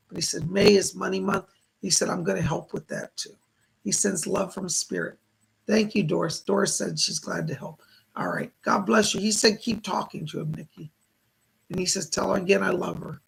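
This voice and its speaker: Hoarse male medium on a live stream, gravelly and husky, relaying what spirits say. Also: high voice, poor audio. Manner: relays spirit messages as quoted speech. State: hoarse, losing his voice. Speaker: psychic medium. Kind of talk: live-stream psychic readings.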